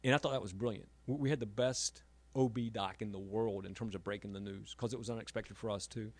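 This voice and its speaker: A middle-aged man, an author and emergency room doctor, giving a halting talk with self-deprecating humor at a library event. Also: fairly low pitch, fairly even intonation.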